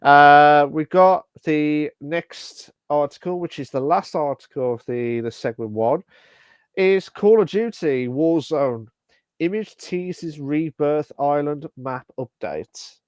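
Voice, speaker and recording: A man co-hosting a casual podcast, talking in halting bursts with lots of fillers and restarts. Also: a little high, smooth, no room sound. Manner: hesitant, many fillers and restarts. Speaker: podcast co-host.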